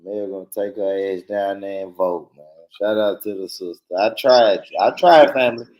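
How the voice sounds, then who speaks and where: A man's voice: on the low side, normal speed, a little mellow, poor audio. A man hosting a podcast in casual chat, loose and joking, swearing and laughing often.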